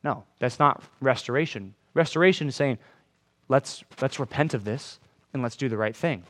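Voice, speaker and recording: A man's voice: mid-range voice, moderate pace, fairly bright tone. A man preaching a sermon to a congregation in a room, talking conversationally, checking in with "right?" and acting out quoted lines in changed voices. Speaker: pastor.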